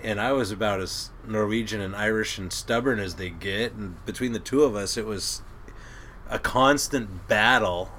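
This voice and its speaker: Middle-aged man, boat captain type, gruff and animated storyteller, forceful tone. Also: fairly low pitch, normal speed, slight background noise. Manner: gruff, animated storyteller who laughs at his own tales. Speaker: crab boat captain, guest. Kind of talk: casual storytelling.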